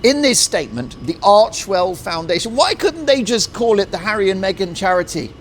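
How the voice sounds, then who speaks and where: A middle-aged man delivers a talk show monologue in a fairly high voice that swings widely as he mocks and jokes. His manner is animated and opinionated, and a faint hiss runs under the recording. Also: brisk. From Britain. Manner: animated, mocking, swings into jokey put-on voices.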